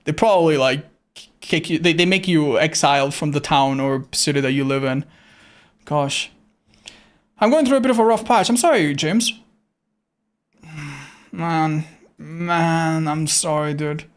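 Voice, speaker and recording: A man's voice: on the high side, measured pace, long pauses. A man chatting casually on a livestream, reading chat, swearing freely and laughing often; English is not his first language. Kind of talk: casual live-stream chat.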